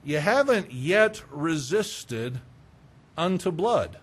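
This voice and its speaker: A middle-aged male pastor preaching a sermon, animated, swinging between loud urging and quiet asides. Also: on the high side, slow pace, breathy edge.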